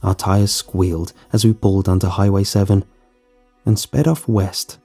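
A man narrating a first-person horror story in a steady, tense storytelling voice. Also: deep voice, normal speed, husky, faint music behind.

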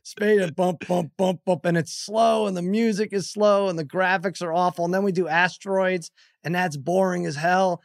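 A man in his forties co-hosts a podcast, telling stories in an animated, exasperated, jokey way with a slightly high, creaky voice at a moderate pace. The mic is close and completely dry, with no room sound, in casual chat.

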